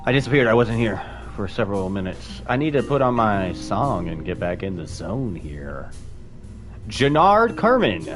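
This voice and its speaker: A man's voice: fairly low pitch, moderate pace. A man casually commenting while he plays a game on a live stream, rambling and playful, with asides to his chat. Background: faint music.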